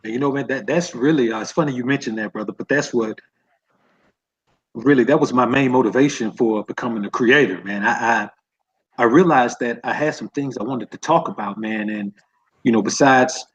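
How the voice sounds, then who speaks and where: A man's voice: medium pitch, brisk. Laid-back man on muffled call audio. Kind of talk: casual chat.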